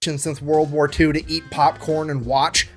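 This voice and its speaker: एक आदमी, मज़ाकिया कहानी सुनाने वाला अंदाज़, पीछे हल्का संगीत. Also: male voice, a little high, flat delivery, measured pace. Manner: casual, joking asides. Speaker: YouTube history narrator. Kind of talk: comedic storytelling narration. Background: faint background music.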